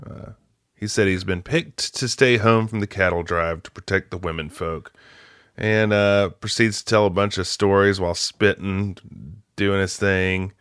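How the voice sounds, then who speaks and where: A man's voice: low-pitched, fairly even intonation, a little slow, fairly bright tone, clean tone, dry recording, studio quality. A man casually recapping a movie's plot as a film club host, chatty with laughing asides and lots of fillers.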